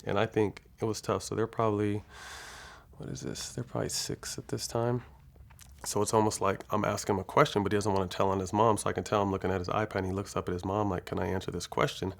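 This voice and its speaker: A man's voice: fairly low pitch, flat delivery, fast, creaky. A man being interviewed, telling a personal story in a casual, profane, laid-back way with lots of fillers. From California. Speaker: interview guest, former basketball player.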